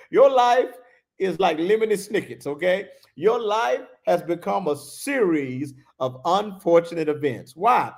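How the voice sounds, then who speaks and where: A man preaching a sermon as a bishop, animated and laughing, repeating key phrases for emphasis. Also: sits high, slow, gravelly. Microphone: livestream.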